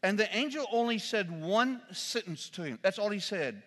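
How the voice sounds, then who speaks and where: A man, a pastor, preaching a sermon in a church, telling a humorous story with lively, shouted quotes. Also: high-pitched, moderate pace, in a large hall.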